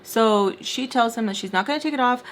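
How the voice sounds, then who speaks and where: A woman's voice: fairly high pitch, brisk, a little hiss or hum. Chatty young woman telling a story. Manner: animated, filler-heavy retelling with quoted voices. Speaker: storytime vlogger. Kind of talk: casual storytelling while doing makeup.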